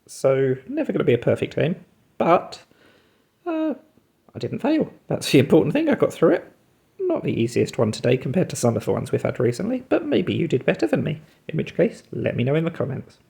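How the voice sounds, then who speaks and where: Male puzzle host, very gravelly and lively in pitch, musing aloud through guesses. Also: brisk. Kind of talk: thinking aloud while solving a word puzzle.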